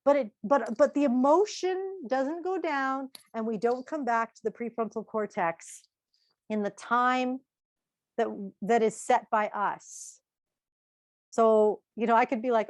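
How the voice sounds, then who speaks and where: Lively woman giving a parenting seminar. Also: a little high, a little slow, dry recording, clean studio sound. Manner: lively, asks the audience questions, acts out quotes. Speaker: seminar speaker.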